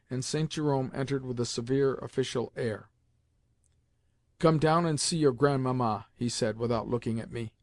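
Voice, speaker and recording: A man narrating a classic novel as an audiobook reader, in a measured, even reading. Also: mid-range voice, no room sound.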